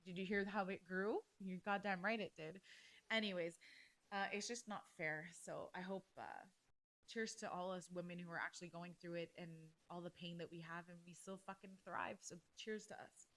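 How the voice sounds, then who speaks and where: A woman's voice: on the low side, normal speed, a bit bright. A woman hosting a casual solo podcast, ranting bluntly and heatedly with plenty of swearing. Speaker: podcast host.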